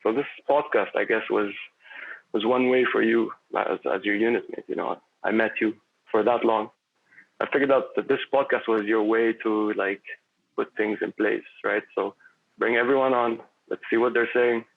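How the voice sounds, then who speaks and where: A man's voice: fairly low pitch, steady tone, normal speed, gravelly. A man chatting as a podcast guest, rambling and philosophical, with lots of fillers and restarts. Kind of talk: casual conversation. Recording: tinny phone-like line.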